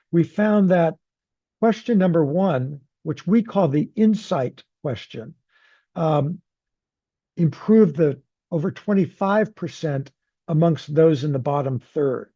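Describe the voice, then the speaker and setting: A psychologist giving a research lecture at grand rounds, in a measured, deliberate way with frequent pauses and fillers. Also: male voice, on the high side, dark tone, no echo. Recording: dull, muffled lecture audio.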